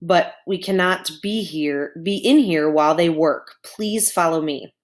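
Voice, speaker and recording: A woman voicing a calm, helpful female robot in a storybook reading, speaking in a measured way. Her tone stays level and soothing as the robot reassures the farm animals. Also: low voice.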